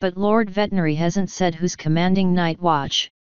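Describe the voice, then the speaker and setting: An earnest, plain-spoken young watchman, as a woman reads him. The voice is smooth and clear, set a little low, on a dull, close recording. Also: fairly even intonation, moderate pace, dry recording, close to an everyday voice. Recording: dull lo-fi audio.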